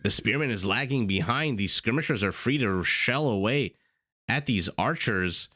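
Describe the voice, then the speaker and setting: Low-voiced excitable game caster. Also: male voice, no echo, studio quality. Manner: excitable, quick asides and self-corrections. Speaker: esports caster. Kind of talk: live play-by-play commentary.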